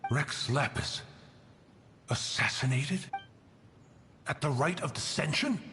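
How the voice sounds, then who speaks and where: An actor playing a stern, ancient guardian spirit of a mountain who speaks in an archaic, formal, menacing way. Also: male voice, medium pitch, a bit bright, in a large hall, a little hiss or hum. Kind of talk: game cutscene voice acting.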